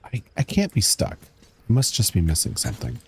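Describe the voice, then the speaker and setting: A man's voice: mid-range voice, very animated, fairly quick, gravelly, a little hiss or hum. A young man streaming a game, chatting casually, reading chat aloud and muttering as he plays. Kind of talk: casual gameplay commentary.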